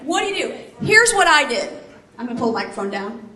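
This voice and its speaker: Very animated and fast, her high voice rides over a crowd in the background. The middle-aged speaker, an ex-Army helicopter pilot giving a keynote in a large room, tells her story with energy and quizzes the audience. The hall is echoey, with faint ambience.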